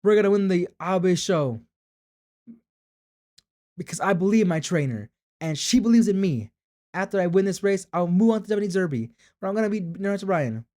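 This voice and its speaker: A man voicing a young female racer who makes loud, determined declarations in a raised voice. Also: sits high, animated, moderate pace, voice pushed up.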